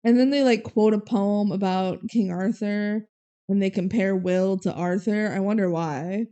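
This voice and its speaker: A woman's voice: medium pitch, steady tone, a little slow, warm tone, smooth. A young woman co-hosting a podcast, casually recapping a movie with frequent laughter. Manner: bubbly, laughs often, quotes characters. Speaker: podcast co-host.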